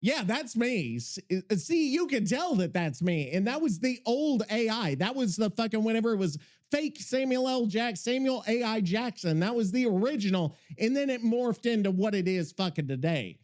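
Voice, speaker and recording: A male podcast host rambles casually, swearing often and breaking off mid-thought as he works on something while talking, coming across as scattered. His voice sits high and is a little mellow but very animated, at a moderate pace with few pauses.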